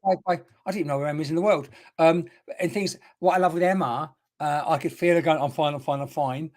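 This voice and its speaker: A man hosts a live online mediumship evening from home, chatting and exclaiming as he relays messages from spirits. His voice sits a little high for a man and swings up and down with his excitement, and he breaks off now and then to greet viewers. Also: brisk.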